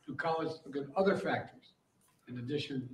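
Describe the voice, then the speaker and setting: A man's voice: mid-range voice, fairly quick. Man explaining in a roomy clip.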